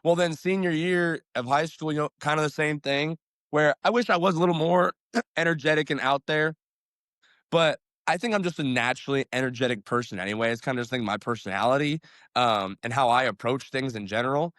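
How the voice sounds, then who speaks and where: Rambling upbeat young coach. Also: male voice, on the high side, a little fast, fairly bright tone, no room sound, studio quality. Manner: rambling and upbeat, many fillers and restarts. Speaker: high school football coach. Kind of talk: casual podcast interview.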